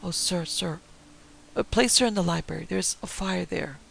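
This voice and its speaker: A man's voice: sits high, moderate pace, creaky, a bit bright, a little hiss or hum, exaggerated voice, poor audio. A man voicing an anxious woman servant who speaks deferentially and flusteredly.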